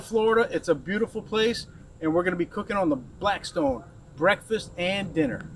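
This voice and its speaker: A man's voice: high voice, moderate pace. A man chatting and joking while he cooks outdoors at a creekside campsite. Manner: playful, joking. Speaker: cooking vlogger. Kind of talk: casual chat while cooking outdoors. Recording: distant mic, loud outdoor noise.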